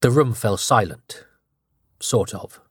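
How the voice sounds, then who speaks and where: A man narrating a dark story in a measured, dramatic storytelling manner. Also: fairly low pitch, breathy edge, dry recording, clean studio sound.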